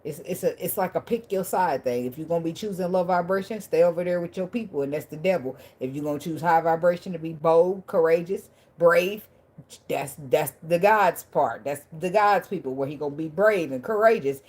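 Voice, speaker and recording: A woman's voice: on the low side, fairly quick, darkish tone, rough recording. A woman giving a casual tarot reading to her viewers, blunt, profane and preachy, laughing at times and thanking viewers by name. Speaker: tarot reader.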